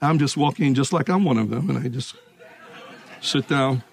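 A man preaching a sermon, emphatic and calling out to his congregation, easing into relaxed stories. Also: medium pitch, normal speed, vocal fry, slightly rough. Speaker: pastor.

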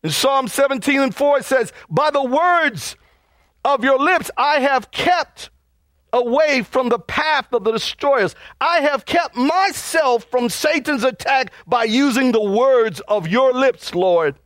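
Pastor, male, high-pitched and fervent, delivering a sermon, dry recording. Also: animated, slow pace, a bit bright, no room sound. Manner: fervent, urging the congregation.

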